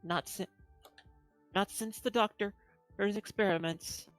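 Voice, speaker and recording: A woman voicing a cursed young adventurer who cannot feel anything, quiet and resigned. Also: mid-range voice, fairly even intonation, a little slow, dry recording, soft background music, natural voice.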